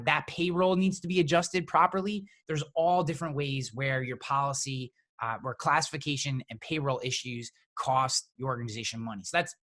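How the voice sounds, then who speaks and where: A middle-aged man, an insurance agent, explaining things in a casual, halting way with many restarts. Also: fairly high pitch, sharp tone.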